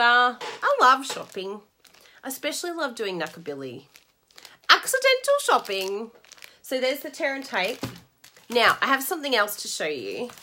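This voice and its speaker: An Australian woman chats to her live viewers in a bubbly, giggly way. Her voice sits fairly high, swoops around a lot and has a bright, sharp edge. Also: slight background noise. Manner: bubbly and chatty, laughs often. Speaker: stamping and craft demonstrator. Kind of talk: casual live-stream chat to viewers.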